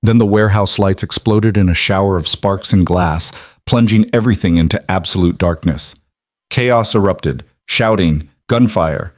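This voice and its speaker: A man narrating a crime story in scripted narration with a measured, even delivery. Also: deep voice, no room sound, clean studio sound.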